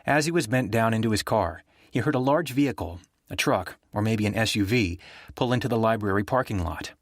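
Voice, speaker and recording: A man narrating a thriller audiobook in a steady, even storytelling manner. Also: lowish voice, fairly quick, no echo, clean studio sound.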